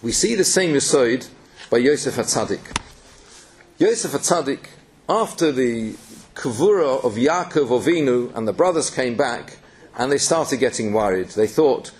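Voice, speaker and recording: A man's voice: medium pitch, animated, moderate pace, a little mellow. A man giving an earnest Torah lecture, telling stories and mixing in yeshiva terms. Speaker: Torah teacher.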